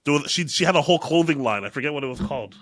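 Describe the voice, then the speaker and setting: A man hosting a podcast, talking in a relaxed, conversational way with jokey asides. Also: fairly high pitch, rapid-fire. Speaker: podcast host. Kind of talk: casual chat.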